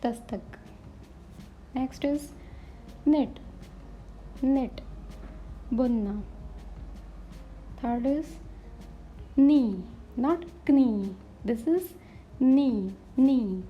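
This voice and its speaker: Slow, deliberate woman teaching pronunciation. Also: high-pitched. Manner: careful, deliberate word-by-word pronunciation. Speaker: English teacher. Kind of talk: slow vocabulary lesson. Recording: dull lo-fi recording with faint hiss.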